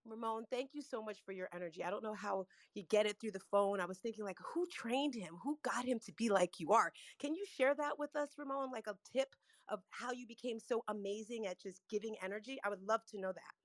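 A woman's voice: mid-range voice, a little fast, dry recording, clean studio sound. A woman who works as a trainer, speaking effusively as she calls into a live audio room. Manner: effusive, gushing.

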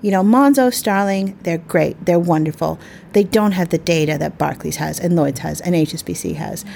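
A woman's voice: lowish voice, normal speed, creaky, warm tone, a little hiss or hum. Emphatic woman in her forties. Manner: emphatic, opinionated. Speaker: panel guest. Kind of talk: casual panel discussion.

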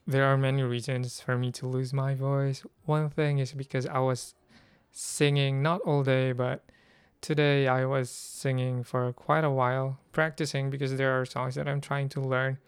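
A man's voice: mid-range voice, little pitch movement, a little slow, clear, resonant tone, no echo. A man from the Philippines, hosting a casual solo podcast and thinking aloud with many fillers. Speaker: podcast host.

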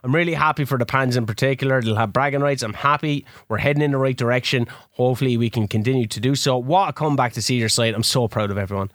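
A young Irish man, a podcast host playing a football management game, chatting excitedly with loud outbursts and plenty of swearing. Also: mid-range voice, fast, hardly any pauses, no room sound. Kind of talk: excitable live gaming chat.

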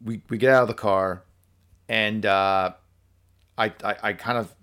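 A man telling a workplace story in casual conversation, animated and full of fillers like "like" and "so". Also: fairly low pitch, measured pace. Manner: animated storyteller acting out quotes, many fillers. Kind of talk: casual podcast chat.

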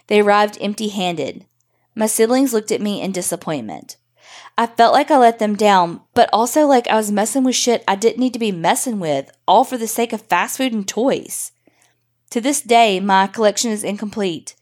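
A woman hosting a podcast reads a listener's story aloud. Her delivery is wry and conversational, with swearing dropped in freely, and her voice sits at a middle pitch. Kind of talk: story reading.

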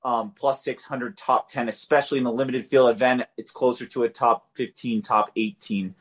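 A man's voice: medium pitch, fairly even intonation, normal speed. A man co-hosting a podcast, giving golf betting picks in a loose, conversational way with fillers and restarts. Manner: conversational, loose, filler-heavy, self-correcting. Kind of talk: casual betting picks talk.

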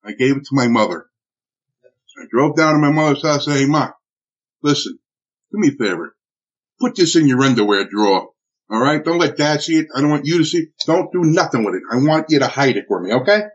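A man recounting a personal ordeal in an interview, animated and full of restarts and acted-out quotes. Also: mid-range voice, brisk, husky. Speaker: interviewee telling a personal story. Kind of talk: emotional spoken recollection. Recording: dull lo-fi recording.

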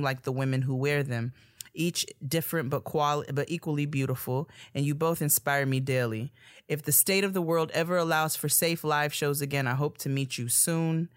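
A woman's voice: low-pitched, no echo, clean studio sound. A woman co-hosting a podcast, chatting casually with a laugh, swearing freely and reading a listener's letter aloud. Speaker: podcast co-host.

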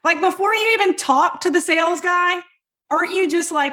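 A business coach and podcast host teaches energetically, her high voice loud and hyped-up at a moderate pace. She's emphatic and addresses listeners directly, constantly checking in with "right?" and "okay?"

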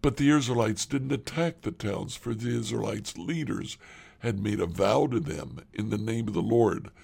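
A man reads scripture aloud in a slow, measured delivery. His voice is low, heavily gravelly and husky, at times sinking to a breathy near-whisper. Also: a little mellow. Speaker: scripture reader. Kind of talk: Bible reading.

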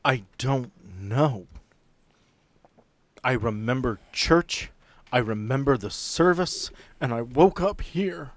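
A man voicing a grieving woman back from the dead, speaking softly in a tearful, pleading way. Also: medium pitch, expressive, slow pace, no room sound. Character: grieving woman returned from the dead, a hunter's wife.

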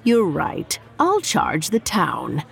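A woman voicing a weathered, sarcastic innkeeper of a certain age in an audio story, talking in a deadpan, teasing way. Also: mid-range voice, takes it slowly, creaky, faint music behind, pitched above the performer's own voice, heavily acted. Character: weathered middle-aged female innkeeper, dry and sarcastic.

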